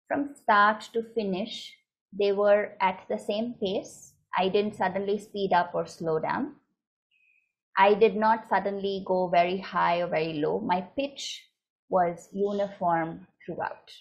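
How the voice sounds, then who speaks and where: A woman teaching a lesson on chanting, explaining patiently and often checking in with "right?". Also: mid-range voice. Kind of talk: recorded lecture with slides. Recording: muffled lo-fi recording.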